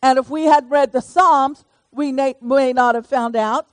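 A woman's voice: sits high, fairly even intonation, a little slow, no room sound. An older woman preaching a sermon in a folksy, conversational way, calling on listeners by name.

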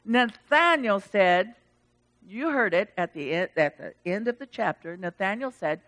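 A woman pastor preaching with fervor, swinging from loud exclamations to soft pleading during an altar call. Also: mid-range voice, animated, measured pace.

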